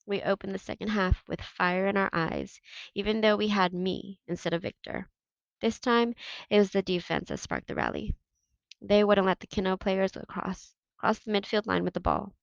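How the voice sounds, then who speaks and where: A woman reading a novel aloud in a steady, plain narrating voice. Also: medium pitch, moderate pace, vocal fry, no room sound. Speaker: reader. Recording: dull, dry lo-fi recording.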